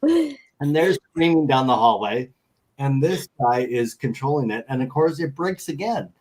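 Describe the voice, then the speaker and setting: A middle-aged man telling a story in an interview, animated and acting out other people's voices. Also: medium pitch, normal speed, low-quality recording. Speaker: guest. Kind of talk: storytelling anecdote.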